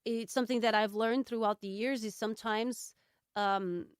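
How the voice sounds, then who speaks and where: A woman hosting a solo podcast, reflecting candidly and thoughtfully, with frequent ums and pauses. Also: a little high, steady tone, clean tone, no echo, clean studio sound. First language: Portuguese. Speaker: podcast host.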